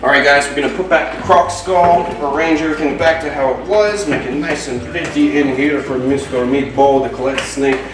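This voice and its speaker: A fairly high-voiced man narrates a casual vlog, breaking often into excited high cooing at his snakes. He sounds distant from the mic in a roomy indoor space, with music running underneath. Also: fairly quick, few pauses. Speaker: reptile keeper and channel host.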